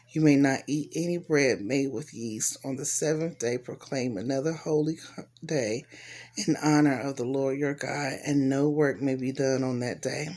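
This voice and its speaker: A woman's voice: a bass voice, warm tone. A woman giving an earnest, heartfelt devotional reflection and reading scripture aloud, often repeating her phrases. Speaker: Bible reader.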